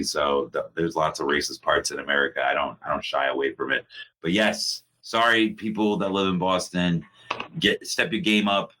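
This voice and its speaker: A man co-hosting a podcast, rambling through casual chat with restarts and frequent laughs. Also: low-pitched. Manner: rambling, animated, laughs often. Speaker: podcast co-host.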